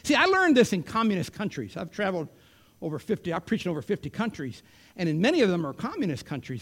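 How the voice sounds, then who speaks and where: A male preacher delivering a sermon in a high, lively voice that soars and falls. He moves between loud, emphatic declarations and sudden hushed whispers. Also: quick pace.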